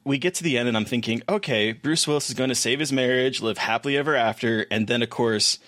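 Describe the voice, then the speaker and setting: A man in his forties co-hosting a podcast, talking in a wry, expressive, casual way. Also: mid-range voice, fast, dry recording, clean studio sound. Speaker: podcast co-host.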